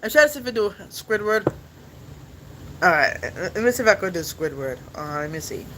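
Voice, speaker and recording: A man's voice: high voice, animated, brisk, pushed and bright, a little hiss or hum, rough recording. A young man hosting a podcast, chatting casually with his viewers in a rambling, playful way and laughing often. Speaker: podcast host.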